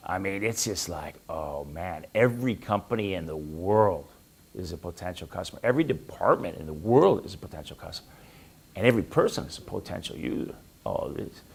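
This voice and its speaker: A middle-aged man recounts a business story in a relaxed, chatty way, playing out both sides of old conversations. His voice sits very low and is thick with gravel and a husky edge. His pitch swings widely as he goes. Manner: animated anecdote, acting out quoted dialogue. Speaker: business executive telling a story. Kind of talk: casual storytelling.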